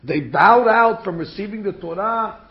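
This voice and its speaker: A man's voice: high-pitched, lively intonation, moderate pace. A man preaching a sermon as a rabbi, firing rhetorical questions and acting out quotes. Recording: echoey room, dull sound.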